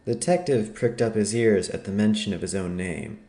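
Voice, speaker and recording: A man narrating an audiobook in a measured storytelling manner. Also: fairly low pitch, warm tone, echoey room. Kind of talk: scripted narration.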